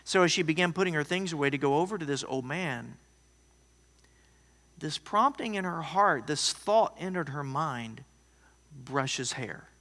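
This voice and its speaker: A man preaching a sermon, telling a story that swings from loud to hushed. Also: on the high side, animated, measured pace. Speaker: pastor. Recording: long hall reverb.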